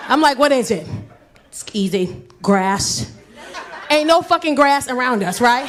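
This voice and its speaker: Stand-up woman in her forties, high-pitched, swears freely, swings into shouting. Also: moderate pace, long pauses. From Belizean and Nigerian heritage. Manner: profane, animated storytelling with loud shouted bursts. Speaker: stand-up comedian. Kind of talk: stand-up comedy. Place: comedy stage with live audience.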